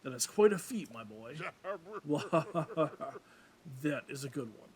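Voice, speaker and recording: A man's voice: on the high side, animated, slow. A man reading as a stately old fish-folk king. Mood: regal. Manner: formal, courtly phrasing. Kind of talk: let's play voice reading.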